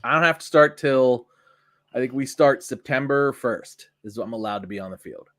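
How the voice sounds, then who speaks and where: A man co-hosting a casual podcast, talking in a rambling, animated way with frequent restarts. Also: medium pitch, normal speed. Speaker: podcast co-host; youth sports coach. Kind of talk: casual chat.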